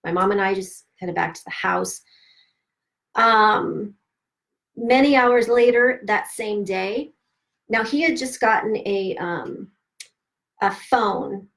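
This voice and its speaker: Lady on a live stream telling her own story, blunt and animated, cusses a lot. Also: medium pitch, slow pace, gravelly, long pauses. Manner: emphatic, swearing, animated retelling with quoted dialogue. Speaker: host of a self-help live stream. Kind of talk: candid personal storytelling.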